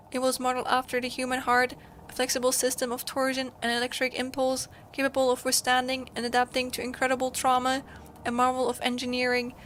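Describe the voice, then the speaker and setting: A woman voicing a grieving robot built to help others, speaking in halting, repetitive, formal statements. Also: sits high, a bit bright, a little hiss or hum.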